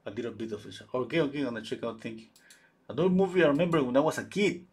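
Male painter, husky voice, halting live-stream chatter with many restarts. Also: medium pitch, expressive. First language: Spanish. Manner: halting, searches for English words, many restarts. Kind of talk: casual chat while painting live.

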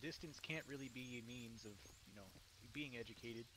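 A man's voice: mid-range voice, brisk, pushed and bright, low-quality recording. A man role-playing in a game chat, laid-back and wry, often restarting his sentences. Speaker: roleplaying educator character. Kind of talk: improvised game role-play.

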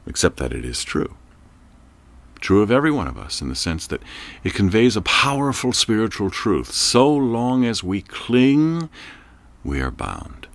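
A man narrating an audiobook in a slow, measured, reflective way. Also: low voice, gravelly.

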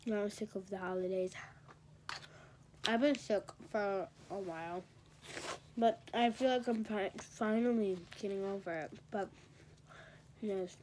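A woman's voice: mid-range voice, fairly even intonation, a little slow, long pauses, a little mellow, slight background noise. A teenage girl rambling and gossiping in a casual vlog, a bit congested and talking while she eats in bed. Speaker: vlogger.

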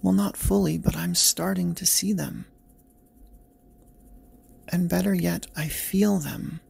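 A little girl full of wonder, spoken slowly by a man reading in his own voice. The delivery is husky and gravelly, with a flat, even lilt. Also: sits high, exaggerated voice. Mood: delighted. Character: young girl, delighted kindergartner seeing fairies.

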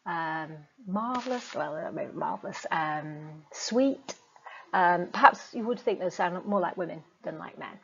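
A woman's voice: medium pitch, husky. A woman teacher giving a recorded lecture in a chatty way, with frequent ums and asides. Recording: dull lo-fi recording.

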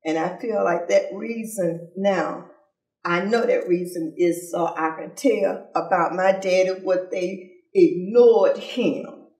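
An older woman gives an emotional personal testimony about her father, halting and tearful, often repeating herself. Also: mid-range voice. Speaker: daughter of a civil rights leader. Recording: roomy sound from far off.

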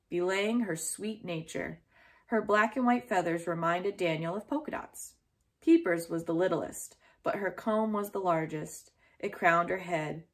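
A woman reading a children's chapter book aloud in a gentle, steady storytelling manner. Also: on the low side.

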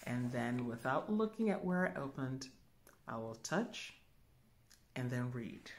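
A woman spiritual teacher giving a calm demonstration, musing aloud and humming softly as she thinks. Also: extremely low pitch. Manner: slow, musing, thinks aloud with soft hums.

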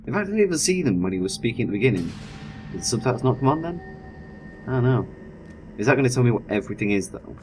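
A young man giving chatty, excitable let's-play commentary. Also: medium pitch, rapid-fire, pauses often, music in the background. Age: young adult. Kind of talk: gameplay commentary. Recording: steady background noise.

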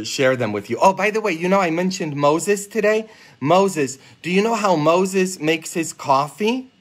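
Male priest, playful live-stream homilist with a slightly high voice who chats with viewers and laughs at his own jokes. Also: a bit bright. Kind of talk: homily on a live stream, chatty joke-telling. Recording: live social media stream.

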